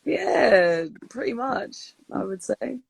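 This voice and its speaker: A woman's voice: a little high, big pitch swings, takes it slowly, gravelly, breathy edge, no room sound. A young woman, a guest in a casual interview, talking in an upbeat, loose way with many fillers and repeated words. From United Kingdom.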